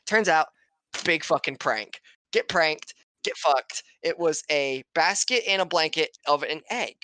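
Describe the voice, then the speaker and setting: A man's voice: on the high side, lively intonation, measured pace, bright, forceful tone. A man hosting a podcast, casually recapping an anime episode with lots of swearing and laughter. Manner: profane, laughs often, loose rambling retelling. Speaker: podcast host.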